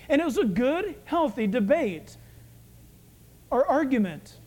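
A male pastor preaching a sermon, lively and conversational, acting out the voices of the people in his stories. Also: very high voice, unhurried, long pauses. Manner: animated preaching, acts out quoted voices.

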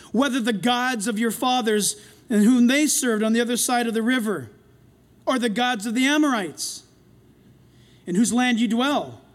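A very high-pitched, middle-aged male pastor preaches a sermon, swinging between loud, passionate lines and quiet asides.

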